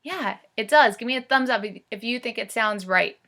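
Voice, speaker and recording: A woman teaching first graders to read, slowly sounding out words in a coaxing voice. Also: fairly high pitch, bright, forceful tone. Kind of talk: phonics read-aloud lesson.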